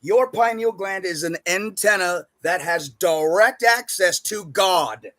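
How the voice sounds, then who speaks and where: A man delivering a profane, emphatic motivational rant about diet and spirituality, swinging between loud bursts and muttered asides. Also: sits high, slow. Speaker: self-help speaker.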